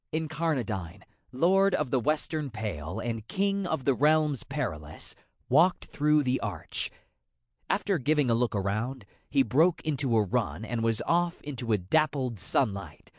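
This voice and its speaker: A man narrating a fantasy audiobook in a measured, wry storytelling manner. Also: mid-range voice, sing-song, dry recording, studio quality.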